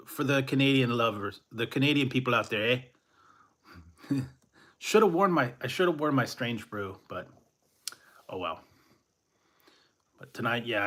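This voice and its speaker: Male streamer, casual and rambling, bright crisp tone, playful. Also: medium pitch. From Central California. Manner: rambling, chuckling, plays up a mock Canadian eh. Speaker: food review streamer. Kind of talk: casual live-stream chat.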